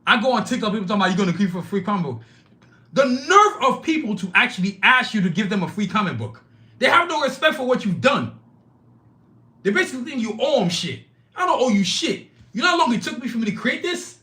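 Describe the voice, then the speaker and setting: Man, podcast host, live stream, blunt, profane, emphatic, high voice. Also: big pitch swings, fast, bright, forceful tone. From Nigeria. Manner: emphatic, blunt and profane, talks straight to chat.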